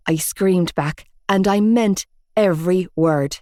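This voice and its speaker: A woman's voice: on the low side, takes it slowly, a little mellow, no room sound, studio quality. A woman narrating a first-person audiobook in an emotive, heated reading.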